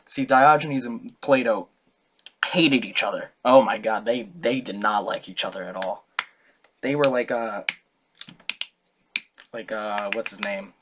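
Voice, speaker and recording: A man's voice: fairly low pitch, a little slow, pauses often, a bit bright, slight background noise. A young man giving a casual, comic student talk, rambling, joking and correcting himself as he goes. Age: young adult. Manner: rambling, jokey, self-correcting. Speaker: student presenter.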